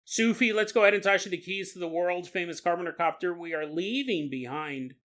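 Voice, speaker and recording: A man's voice: high voice, brisk, a bit bright. A man hosting a podcast, telling a story as a comedic monologue, joking and laughing often. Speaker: podcast host.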